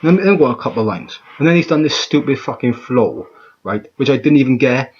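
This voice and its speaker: A man with a husky, slightly breathy voice rants bluntly through a music reaction, swearing freely and circling back over his own words. The recording sounds dull and lo-fi. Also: medium pitch, expressive, quick pace. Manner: blunt, profane, exasperated, stumbles and repeats himself. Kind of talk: ranting reaction commentary.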